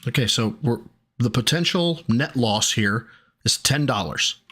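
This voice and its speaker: A man streaming, pausing a clip to talk back at it in exasperated, profane casual commentary. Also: medium pitch, animated, fairly bright tone, breathy edge. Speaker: streamer reacting to a video.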